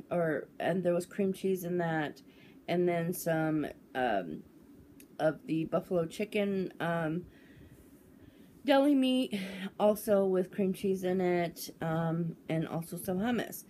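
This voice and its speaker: A woman's voice: fairly low pitch, a little mellow, a little hiss or hum. A woman in her forties, talking casually and indignantly on her vlog, with lots of fillers. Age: 40s. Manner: indignant, chatty, many fillers. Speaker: vlogger.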